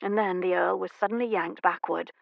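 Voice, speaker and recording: A woman narrating an audiobook in a measured, expressive way. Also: fairly low pitch, creaky, dry recording. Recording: dry, slightly dull studio recording.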